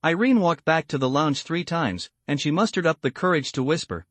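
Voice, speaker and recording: A man narrating a story recap in a steady, scripted reading. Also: a little high, brisk, no room sound.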